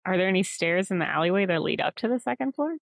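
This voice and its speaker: A tabletop game player who talks fast with a gravelly edge. The tone toward the others is teasing. The sound is dry. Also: medium pitch, lively intonation, dry recording.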